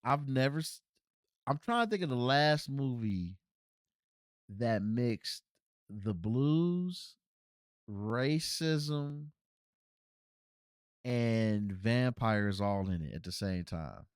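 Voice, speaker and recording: Animated man rambling through a movie review. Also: extremely slow, pauses often, clear, resonant tone, dry recording, studio quality. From Cincinnati, US. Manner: rambling, frequent restarts and fillers, animated swings in pitch. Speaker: podcast host reviewing a movie. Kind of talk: casual solo movie review.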